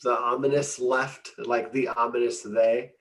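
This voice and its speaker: A man co-hosting a casual podcast, talking in a halting way with many fillers and restarts. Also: mid-range voice, level tone, recorded from a distance, noisy background. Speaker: podcast co-host.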